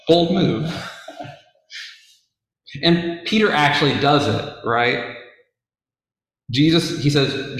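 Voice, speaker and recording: A man's voice: mid-range voice, slow pace, pauses often. A man casually retelling a Bible story, with conversational fillers and playful asides. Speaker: Bible teacher. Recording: very echoey room.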